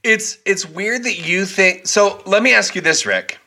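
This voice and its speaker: Bright-voiced man arguing on a podcast. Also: high-pitched, measured pace, creaky. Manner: argumentative, teasing, laughs often. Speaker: podcast co-host. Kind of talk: casual movie podcast banter.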